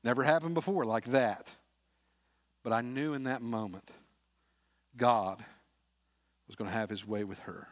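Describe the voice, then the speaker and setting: Earnest preacher with a dry sound. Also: male voice, mid-range voice, measured pace, long pauses, dry recording. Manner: earnest storytelling, swinging from hushed to loud. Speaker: pastor. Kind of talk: sermon. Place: church sanctuary.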